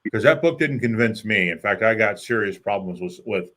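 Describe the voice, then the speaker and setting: A man co-hosting a call-in show, speaking in a halting way with skeptical questions. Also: on the low side, expressive, fairly bright tone. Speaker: co-host. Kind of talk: casual call-in talk.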